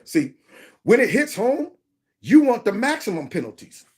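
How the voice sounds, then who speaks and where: A man's voice: very high-pitched, normal speed. A man hosting a commentary channel, reacting to video clips with exclamations and mock quotes. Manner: animated, exclaiming, mock-quoting others.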